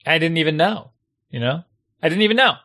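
Casting: middle-aged man, coach type, bright forceful tone, animated storyteller. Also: on the high side, fairly quick. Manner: animated storyteller, acts out yelled lines. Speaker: youth sports coach and parent. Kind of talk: casual chat.

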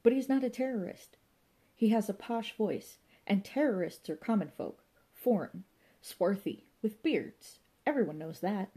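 A flirtatious museum shop receptionist, as a woman reading a storybook puts her on, prattling in a breezy, gossipy, naive way. The voice is lifted and eager over a mellow base. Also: mid-range voice, lively intonation, unhurried, husky, pitched above the performer's own voice. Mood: chatty.

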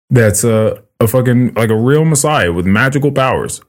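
A man hosting a casual podcast chat, retelling a book with lots of swearing and jumping into high voices for quoted characters. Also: lively intonation, normal speed. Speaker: podcast host.

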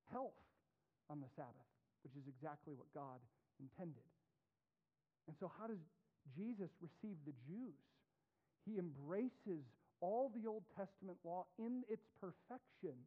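A male pastor preaching a sermon, reading scripture aloud with deliberate weight as his voice rises and drops sharply for emphasis. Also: high voice. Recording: tinny, phone-like narrow sound.

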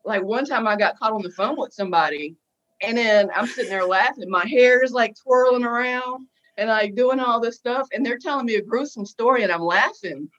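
A woman's voice: a little high, brisk, a bit bright. A woman guest on a podcast, speaking frankly and emphatically in a casual chat, often repeating herself. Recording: dull lo-fi sound.

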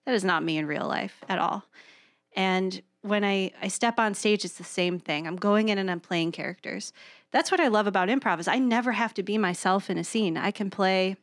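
A woman's voice: medium pitch, normal speed, no room sound. American woman, improv teacher, casual podcast chat, self-deprecating, dead-dry sound. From United States. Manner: self-deprecating, laughs while she talks.

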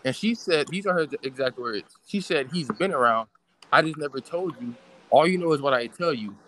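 A man's voice: fairly high pitch, lively intonation, normal speed, a bit bright, poor audio. A young man in casual podcast banter, brash and swearing freely, telling stories with mock quotes. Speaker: podcast host.

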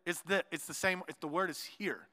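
A man preaching with a bright, forceful voice pitched a little high. He swings between loud, emphatic lines and hushed, quiet asides, slipping in playful jokes to the people in front of him. His voice carries through a large hall with a long trailing reverb. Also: fairly quick. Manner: joking asides to the congregation. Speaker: pastor. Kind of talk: sermon.

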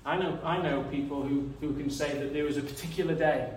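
A man's voice: a little high, fairly even intonation, fairly quick, slight background noise. A man preaching a sermon in an earnest, reasoning way, often repeating words as he thinks. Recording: echoey room, mic some distance away.

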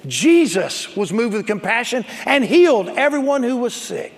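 A male pastor preaching a sermon, building to shouts and calling on the congregation to respond. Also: extremely high pitch, very animated, normal speed, big-room sound.

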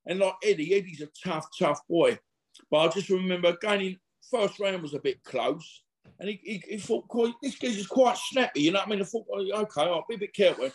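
Here a former boxer in middle age chats through a relaxed interview, spinning loose, slangy anecdotes. He has a high, brisk voice, and his delivery is rambling and full of laddish slang and filler words.

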